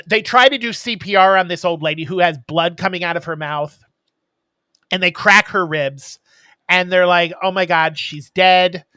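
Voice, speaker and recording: A man with a bright, forward voice recaps a film for his podcast co-host. He rambles along with frequent ums. The sound is dry and close. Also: sits high, moderate pace, no room sound. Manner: rambling storyteller with many ums. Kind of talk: casual chat, retelling a movie plot.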